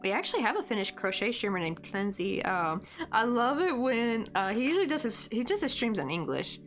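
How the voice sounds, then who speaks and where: A woman's voice: a little high, very animated, brisk, soft background music. A woman in her late twenties chatting casually on a crochet live stream. She rambles and thinks aloud, full of fillers and little chuckles, at home. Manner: chuckles often. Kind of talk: casual chat.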